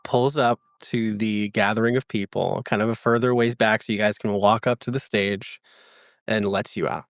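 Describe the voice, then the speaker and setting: A man's voice: on the low side, steady tone, moderate pace, dry recording. A man narrating as game master of a tabletop role-playing game, describing scenes in a lightly playful way.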